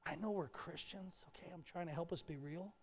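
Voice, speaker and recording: Man, pastor, sermon, church, candid and joking, fairly high voice. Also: fairly quick. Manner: candid, joking, addresses the congregation directly. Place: church sanctuary.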